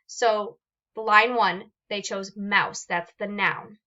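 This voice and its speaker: A woman's voice: mid-range voice, steady tone, slow, pushed and bright, muffled recording. A woman teacher explaining poetry forms step by step in a recorded lesson, reading examples aloud with fillers and restarts.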